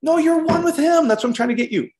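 A man preaching an informal sermon, telling stories in an animated way with lots of fillers. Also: very high voice, fast. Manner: animated storytelling with many fillers. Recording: roomy echo.

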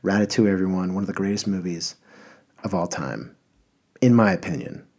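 A man's voice: deep voice, brisk, a little mellow. A man hosting a podcast, talking in a rambling, enthusiastic way with lots of fillers and restarts. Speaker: podcast host. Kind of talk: casual podcast monologue.

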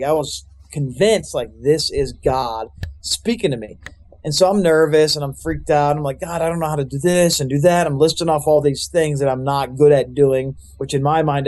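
A man's voice: fairly high pitch, normal speed, darkish tone. A young man, a youth pastor, telling his life story in a loose, rambling way with lots of fillers. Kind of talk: casual storytelling testimony.

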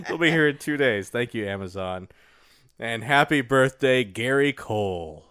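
Male podcast co-host, casual and jokey, very animated delivery. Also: medium pitch, a little slow, dry recording, clean studio sound. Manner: joking, laughs often. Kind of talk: casual chat.

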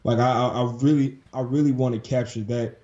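A man's voice: medium pitch, fairly even intonation, brisk, warm tone. A man in his twenties from Detroit, a game developer chatting casually and rambling with many fillers. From Detroit, USA. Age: 20s. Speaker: podcast guest and game developer. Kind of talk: casual chat. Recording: dull lo-fi sound.

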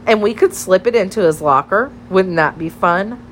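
A woman's voice: mid-range voice, expressive, moderate pace, slight background noise, natural voice, poor audio. A woman doing a teasing teenage girl. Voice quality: bright, playful, chattering.

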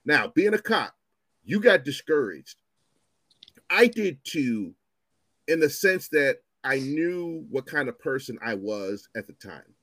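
Man, 50s, storyteller guest; lively swooping delivery, salty language, dry close sound. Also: a little high, slow pace, no room sound. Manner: animated, profane, acts out voices in his stories. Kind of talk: casual storytelling chat.

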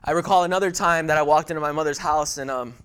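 Male pastor, middle-aged, emphatic sermon delivery with big loud-to-quiet swings and repeated restarts. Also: on the high side, quick pace, clear, resonant tone. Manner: repeats words and restarts while telling a personal story.

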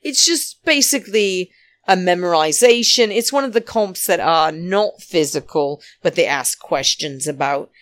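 A woman's voice: fairly low pitch, unhurried, a bit bright. A woman hosting a podcast, recapping a reality show in a chatty, laughing, opinionated way. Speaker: podcast host.

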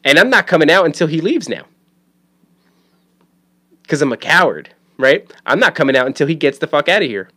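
A man's voice: on the high side, very animated, a little fast, long pauses, pushed and bright. A man, a father, talking in a casual monologue, rambling and swearing freely, with many restarts and stammered words. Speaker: father talking about his son.

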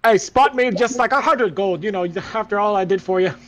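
A man's voice: high voice, brisk, fairly bright tone, soft background music. A man playing a tabletop game, talking in a brash, wheedling way. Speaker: player. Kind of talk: character voice in tabletop play. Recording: dull, muffled audio.

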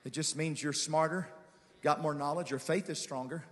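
A man preaching a guest sermon, calling on the congregation to respond, moving between quiet conversational asides and shouted, drawn-out declarations. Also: a little high, steady tone. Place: large church sanctuary with reverb. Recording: long church hall reverb.

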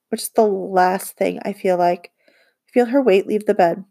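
A woman narrating a children's audiobook in the first person, with lively, girlish storytelling. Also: mid-range voice, moderate pace, vocal fry. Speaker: audiobook reader.

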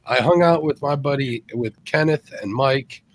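A man's voice: mid-range voice, moderate pace. Man greeting viewers on stream. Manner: friendly banter, greets viewers by name. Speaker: co-host running a giveaway. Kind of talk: casual live-stream chat.

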